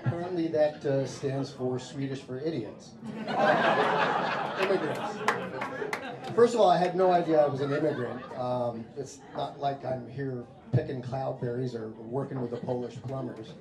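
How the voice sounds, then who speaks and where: A man's voice: medium pitch, moderate pace, very noisy. An American man performing a stand-up comedy set, telling stories in a laid-back way and putting on mock voices. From United States. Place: comedy club stage. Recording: echoey club, live crowd. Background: audience laughter.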